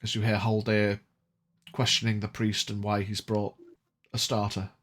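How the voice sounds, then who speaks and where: A man narrating as game master of a tabletop game, laid-back and unhurried. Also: lowish voice, completely flat delivery, a bit bright.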